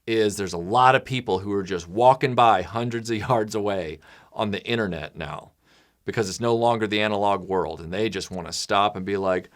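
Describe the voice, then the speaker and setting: A man's voice: lowish voice, normal speed. A man talking casually to his supporters, building up a long, rambling story with frequent restarts. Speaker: creator addressing patrons. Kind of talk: casual monologue.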